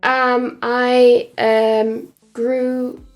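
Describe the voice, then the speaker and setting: Unhurried English woman, Essex-Midlands mix. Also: on the high side, soft background music. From England. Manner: relaxed and hesitant, with frequent ums and trailing phrases. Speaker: animator streaming her work. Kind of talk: casual livestream chat while working.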